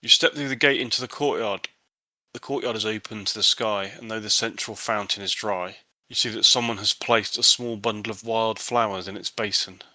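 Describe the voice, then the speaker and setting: A man narrating scenes as game master of a tabletop horror game, unhurried and descriptive. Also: lowish voice, steady tone, pushed and bright, no room sound.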